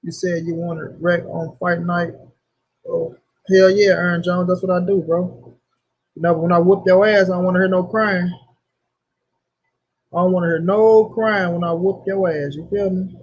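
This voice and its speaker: A man's voice: high-pitched, little pitch movement, normal speed, pauses often. A young man hosting a casual livestream, talking loosely in slang and greeting viewers by name. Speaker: livestream host.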